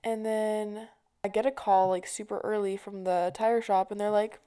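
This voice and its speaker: A young woman vlogger with a mid-range, steady, unhurried voice that sounds mellow, clear and resonant tells casual stories. She swears without hesitation and peppers her speech with "like" and other fillers.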